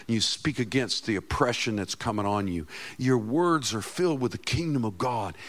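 A middle-aged pastor with a medium-pitched voice preaches a passionate sermon, swinging between loud outbursts and quiet asides.

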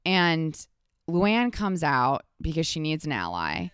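A woman who is a podcast guest, telling stories in a rambling, animated casual chat full of restarts and asides. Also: deep voice, slow, clear, resonant tone, no room sound, studio quality.

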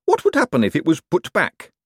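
A man reading an audiobook and voicing a nervous young male bank clerk with a high, quavering voice. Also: wildly swooping pitch, brisk, breathy edge, no echo, clean studio sound, heavily acted. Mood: fretful.

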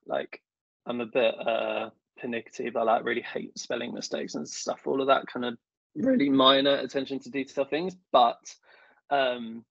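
A man's voice: medium pitch, normal speed, vocal fry, husky, dry recording. A young man in a casual interview, telling stories in a chatty, self-deprecating way with lots of fillers. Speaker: podcast guest, government affairs professional. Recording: dull dry lo-fi sound.

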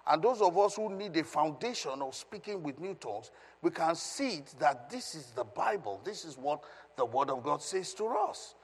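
A man's voice: a little high, lively intonation, normal speed, slightly rough. A male pastor giving an emphatic Bible teaching, questioning his congregation as he reads scripture. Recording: long reverb of a hall.

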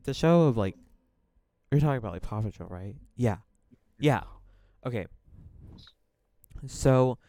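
A man's voice: medium pitch, darkish tone, clear, resonant tone, no room sound, clean studio sound. A man co-hosting a casual hangout podcast, rambling with lots of "like" and restarts and laughing often. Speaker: podcast co-host. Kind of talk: casual chat.

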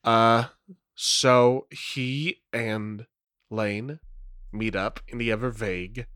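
A man's voice: medium pitch, steady tone, drawn-out words, fairly bright tone, smooth, no echo, studio quality. A man running and narrating a solo tabletop role-play game, rambling with many fillers. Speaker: game master and player.

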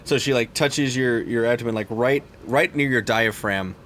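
A man's voice: mid-range voice, normal speed, fairly bright tone, a little hiss or hum. A man narrating a tabletop role-playing game as game master, rambling with many fillers and restarts.

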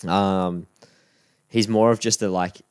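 A man's voice: sits low, fairly even intonation, slow pace, clean tone, dry recording, clean studio sound. A man co-hosting a podcast, telling a story in a casual, laid-back way. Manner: laid-back storytelling, quotes a mate in put-on voices. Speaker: podcast co-host. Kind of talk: casual chat.

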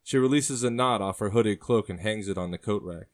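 Low-voiced man narrating a story. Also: a little fast.

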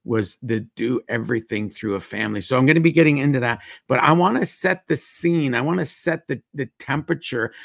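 Gravelly-voiced preaching podcast host. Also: male voice, mid-range voice, a bit bright, dry recording, studio quality. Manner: earnest, fervent, with many restarts. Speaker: podcast host and dream coach.

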